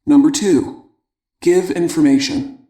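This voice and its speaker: Man, audiobook narrator, measured instructive reading, roomy echo. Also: fairly high pitch, warm tone.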